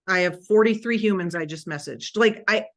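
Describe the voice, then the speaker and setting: Woman coach on a video-call mic, upbeat and animated, switches into little acted-out dialogues. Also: medium pitch, normal speed. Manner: energetic, acts out sample dialogue. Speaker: business coach. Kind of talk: live online coaching call.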